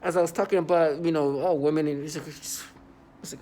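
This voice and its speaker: A man's voice: fairly high pitch, steady tone, a little fast, mellow, slight background noise. A man in a rambling, scornful monologue to his viewers, repeating himself and breaking into mocking laughter. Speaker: vlogger. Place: New York City.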